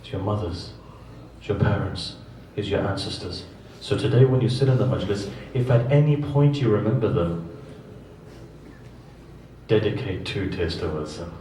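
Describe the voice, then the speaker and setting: A man's voice: on the low side, animated, normal speed, warm tone, slight background noise. A man giving a sermon at a mourning gathering. He tells stories with rhetorical questions and repeated phrases. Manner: impassioned storytelling with rhetorical questions and repetition. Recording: echoey distant hall recording.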